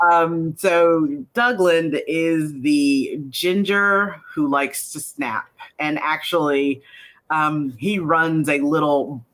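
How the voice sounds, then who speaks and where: A man who created an indie animated series, chatting casually in an interview with lots of ums and acted-out quotes. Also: on the high side, poor audio.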